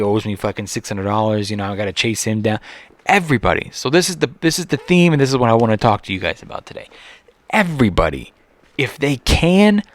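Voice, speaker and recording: A man's voice: fairly low pitch, dry recording. A man hosting a solo comedy podcast, ranting in an exasperated, profane way with lots of restarts and filler words.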